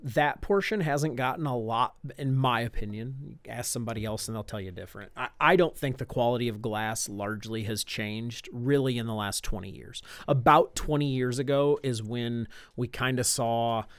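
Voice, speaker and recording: A man from Indiana, a guest on a podcast, explaining his point through quick hypothetical examples. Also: medium pitch, clear, resonant tone, dry recording. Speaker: optics company guest. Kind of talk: podcast conversation.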